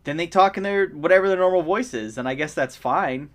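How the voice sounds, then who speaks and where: A man's voice: a little high, fairly quick. A young man co-hosting a casual movie podcast, ranting with energy and laughing often. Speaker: podcast co-host. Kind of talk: casual movie-review chat.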